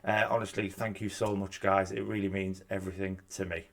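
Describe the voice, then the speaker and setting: A man's voice: low-pitched, flat delivery, a little fast, gravelly. A man, a gaming YouTuber talking in a casual, chatty, self-deprecating way at a desk mic in a room at home. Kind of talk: casual reaction vlog. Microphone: desk microphone.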